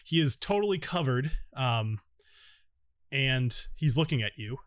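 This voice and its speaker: A man narrating as game master for a tabletop game, in a casual, halting way with many fillers. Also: medium pitch, lively intonation, fairly bright tone, no echo, clean studio sound.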